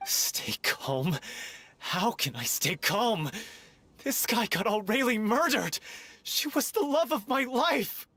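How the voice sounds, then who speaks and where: Furious grieving male actor, shouting, swooping pitch, bright husky tone, game voice acting. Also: expressive, takes it slowly, exaggerated voice. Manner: shouting, accusing.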